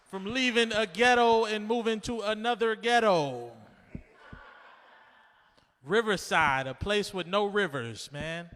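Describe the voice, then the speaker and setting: Bright, high-voiced male comedy host. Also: slow pace, long pauses, in a large hall. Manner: loud, hypes the crowd. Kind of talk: comedy show hosting. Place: comedy club stage.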